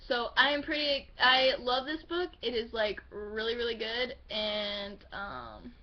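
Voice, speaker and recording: A young woman gushes over her new books in a casual home vlog, her voice high and bubbling with excitement. She rambles happily and drops the occasional swear. The recording sounds slightly dull and lo-fi. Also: measured pace. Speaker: book vlogger. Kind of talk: casual book haul chat.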